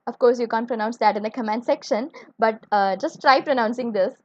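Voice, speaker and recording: Woman teacher doing a live english lesson, spells stuff out, bit high voice, dull dry sound. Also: brisk, no room sound. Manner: patient, spells words letter by letter, checks in with viewers. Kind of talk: live online grammar lesson.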